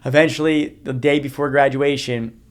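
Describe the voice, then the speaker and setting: A man's voice: medium pitch, fairly even intonation, normal speed. A man in his thirties from New Jersey, a podcast guest telling his own story in an earnest way, often repeating himself and restarting. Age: 30s. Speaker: guest, motivational speaker. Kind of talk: personal storytelling in a podcast interview.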